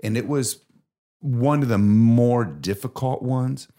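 A man's voice: medium pitch, takes it slowly, warm tone. A middle-aged man, co-host of a faith podcast, telling an earnest and emotional personal story.

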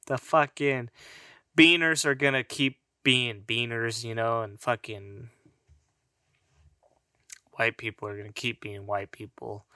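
A man's voice: mid-range voice, pushed and bright, clear, resonant tone, no echo, clean studio sound. A man of Mexican heritage rambling through a casual, profane monologue, often laughing at his own jokes.

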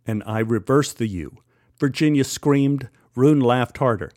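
A man's voice: medium pitch, a little slow, darkish tone, dry recording. A man from Texas telling a personal story in a wry, conversational way with dry humor. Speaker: podcast storyteller.

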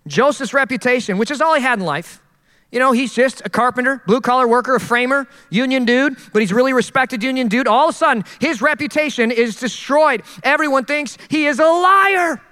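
A male pastor preaching a sermon in an animated, conversational way, with jokes along the way. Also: very high-pitched, fairly quick, clean tone. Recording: long hall reverb.

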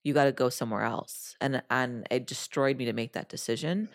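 A woman hosting a podcast, her voice sitting unusually deep for a woman. She tells her own story casually and quotes her past self with lively bursts. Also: a little fast. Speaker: podcast host. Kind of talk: casual interview, personal storytelling.

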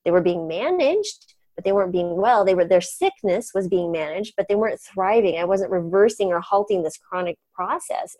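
A woman in her forties, a physician guest, telling a story in an animated, chatty way with many fillers and laughs. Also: medium pitch, dry recording. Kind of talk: conversational storytelling.

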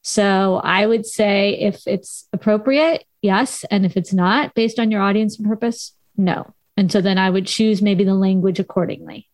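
A woman's voice: mid-range voice, moderate pace, few pauses, no echo. A woman with a Southern Californian accent, co-hosting a casual chat and explaining things frankly like the former English teacher she is. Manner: frank, teacherly, pushes back with firm explanations. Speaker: podcast co-host, former high school English teacher.

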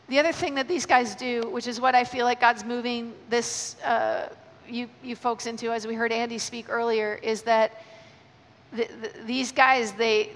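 A middle-aged woman preaching at a conference, telling stories in an animated way with quick restarts. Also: on the high side. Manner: animated storytelling with stammered restarts. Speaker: conference speaker. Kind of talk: energetic sermon. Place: large hall. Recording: live hall with long reverb.

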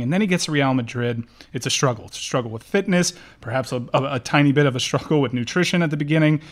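A man hosts an interview and leads into a question with a long setup. His voice is middle-pitched and plain. He frames each point carefully before handing over. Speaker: interview host.

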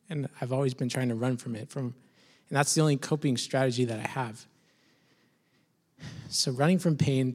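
A man's voice: mid-range voice, darkish tone. A man reflectively sharing personal struggles with a church group, thoughtful and searching, with some hesitation.

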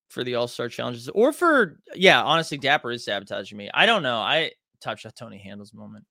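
Gravelly young man streaming live. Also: mid-range voice, bright, forceful tone. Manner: frustrated, restless, talks straight to the chat. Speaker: livestream host. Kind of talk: casual livestream chat.

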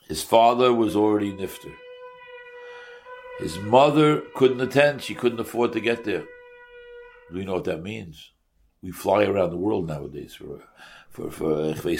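A man's voice: fairly low pitch, vocal fry. A man teaching a Torah class to his congregation, asking rhetorical questions and mixing in Hebrew and Yiddish terms.

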